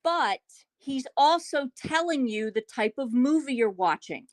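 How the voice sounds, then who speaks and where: A woman's voice: sits high, expressive, a little slow, no room sound. A woman on a panel chat, talking with emphasis and repeating words to drive her points home.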